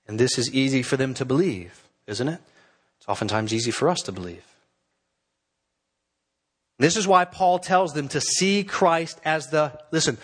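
A pastor preaching a sermon to his church in an earnest, exhorting way, slowing down to stress key phrases. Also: mid-range voice, husky.

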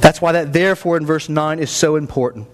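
Higher-voiced man preaching a sermon. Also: fairly quick, slight background noise. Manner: preaching with rising emphatic bursts, reading scripture aloud. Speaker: pastor. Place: church sanctuary.

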